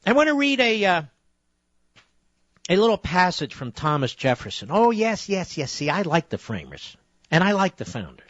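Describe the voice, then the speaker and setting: A man's voice: fairly high pitch, big pitch swings, moderate pace, pauses often, a bit bright, no room sound. A middle-aged man hosting a political talk radio show, combative and often rising into indignant tirades. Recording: dry, slightly dull radio broadcast audio.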